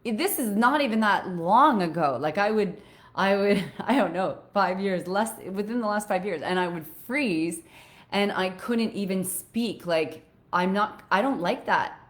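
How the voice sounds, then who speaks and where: A woman life coach talking casually to her viewers in an earnest way, growing animated as she retells a story. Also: medium pitch, a little slow. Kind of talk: casual live video talk.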